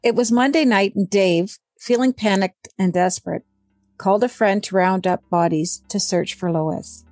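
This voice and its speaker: A woman co-host reading scripted narration in a measured way. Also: mid-range voice, darkish tone, no echo, faint music behind.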